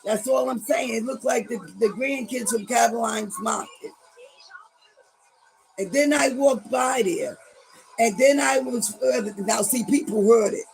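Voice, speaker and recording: A middle-aged woman gossiping on a livestream in a rambling way, now and then breaking into loud outbursts. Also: a little high, unhurried, gravelly, soft background music.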